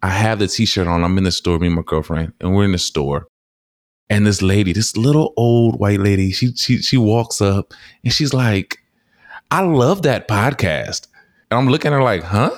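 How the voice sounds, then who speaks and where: A man hosting a podcast, chatting casually as a guest and telling stories with lively, high-pitched quotes. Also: moderate pace, no room sound, clean studio sound. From Texas. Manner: animated storyteller, acts out quotes in high voices. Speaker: podcast host. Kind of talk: casual interview chat.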